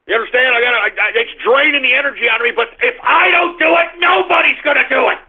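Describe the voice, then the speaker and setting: Older radio host guy, high-ish voice, fired up and ranting, sounds like it's over a phone line. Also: fast talker, husky. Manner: fiery, ranting, repetitive. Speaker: radio talk show host. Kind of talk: political talk radio monologue. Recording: tinny phone-like radio audio.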